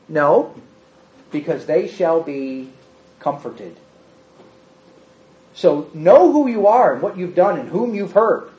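A high-voiced man preaching a sermon, acting out quoted speech with sudden jumps up and drops to a hush. The recording is dull and lo-fi, with the top end muffled. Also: measured pace. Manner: animated, acts out quotes with big swings in pitch and loudness.

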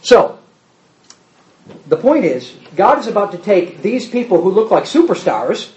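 A man preaching a sermon, reading scripture aloud and breaking in with quick explanatory asides. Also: high voice, very animated, a little mellow. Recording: roomy, slightly muffled.

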